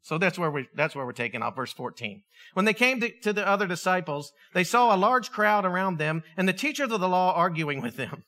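A middle-aged man preaching with a high, bright voice that swings widely up and down. He tells stories with energy and slips into the voices of the people in them, then reads scripture in a lower tone. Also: a little fast. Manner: animated storytelling, acts out voices. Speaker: pastor. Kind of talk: sermon.

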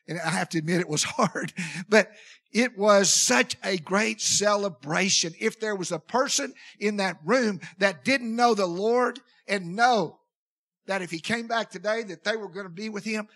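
High-voiced older man preaching. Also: normal speed, a bit bright. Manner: emotional, folksy storytelling with repeated restarts. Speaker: pastor. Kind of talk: sermon storytelling.

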